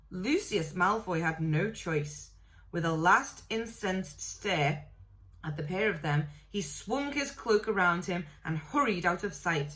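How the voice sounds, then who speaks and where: A woman reading a novel aloud in a steady way, now and then correcting a slip. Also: on the low side, slow pace. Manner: steady read-aloud with small self-corrections. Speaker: reader.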